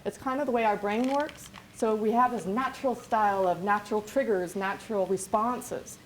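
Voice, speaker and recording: A woman business coach giving an energetic, rambling workshop lecture with many restarts. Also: medium pitch, moderate pace, a little hiss or hum, low-quality recording.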